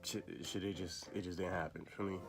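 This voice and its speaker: A young man talks straight to his own camera, easygoing and full of slang, often breaking into a chuckle. He is sick, so his voice sits deeper than usual. Faint music plays behind him. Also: little pitch movement, brisk, gravelly. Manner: slangy, laid-back, chuckling between remarks. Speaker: vlogger. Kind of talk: casual storytelling to camera. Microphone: camera he set up facing himself.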